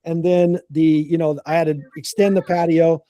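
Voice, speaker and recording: A man tells a casual work story with lots of energy, acting out each quote and tripping over his restarts. His voice sits a bit high but sounds mellow and relaxed. The recording is dry and close. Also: normal speed, dry recording. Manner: animated, acts out quotes, frequent restarts. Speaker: contractor telling a story.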